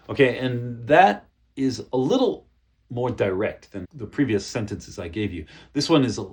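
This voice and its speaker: A man teaching business English in a casual talk to camera. He checks in often with "okay?" and "you know", and calmly demonstrates useful phrases. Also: mid-range voice, moderate pace. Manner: demonstrates phrases in a calm, friendly voice. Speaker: English coach.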